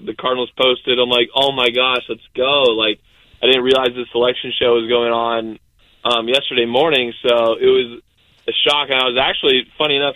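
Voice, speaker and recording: A young adult man, a baseball pitcher, chatting casually as a guest, rambling with many fillers. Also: sharp tone, no room sound, rough recording. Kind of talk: casual interview chat.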